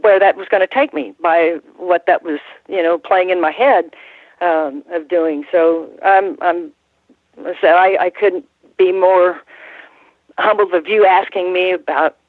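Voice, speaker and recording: A woman's voice: on the low side, steady tone, a little slow, no echo. Woman, sixties, interview guest, rambling storyteller, tinny phone line. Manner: rambling, restarts often, laughs while telling stories. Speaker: guest, former wrestling ring announcer. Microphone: phone call.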